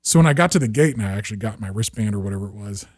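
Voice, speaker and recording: Husky-voiced man in his fifties telling stories. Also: on the low side, dry recording, clean studio sound. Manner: lively anecdotes with acted quotes and quick restarts. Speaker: podcast guest. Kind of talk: storytelling in conversation.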